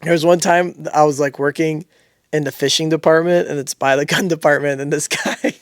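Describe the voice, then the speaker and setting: A young man co-hosting a podcast, telling stories with animated energy and frequent laughter. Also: a little high, a little fast, smooth, dry recording, studio quality. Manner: animated storytelling, laughs often. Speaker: podcast co-host. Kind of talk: casual chat.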